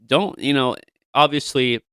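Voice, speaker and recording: A young man hosting his own sports show, talking to his listeners in an animated, hyped fan style with lots of asides. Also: mid-range voice, a little slow, smooth, no echo. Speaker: show host. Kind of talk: solo sports podcast talk.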